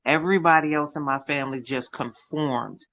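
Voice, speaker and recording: A middle-aged woman telling a family story in casual chat, animated and profane, acting out quotes in changing voices. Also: sits low, moderate pace.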